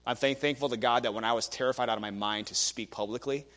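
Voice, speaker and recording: A young man preaches with animated energy, carrying his stories along and slipping into the voices of the people in them. His pitch sits in an ordinary middle range for a man. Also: fast talker. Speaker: guest preacher. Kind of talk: sermon.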